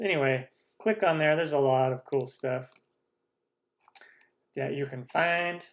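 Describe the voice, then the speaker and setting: A man's voice: a little high, slow, long pauses. A man hosting a cooking channel live stream, chatting casually with viewers, rambling and humming while he scrolls.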